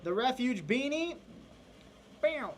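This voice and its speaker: A man's voice: very high-pitched, very animated, takes it slowly, slight background noise. An American man co-hosting a live giveaway stream, hyped and jokey, calling people bro and reading out product specs. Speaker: co-host showing products. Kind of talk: casual live-stream chat.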